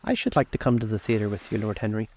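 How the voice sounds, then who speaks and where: A man reading aloud as an earnest, naive young gentleman who speaks eagerly and politely. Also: fairly low pitch, fast talker, lightly acted.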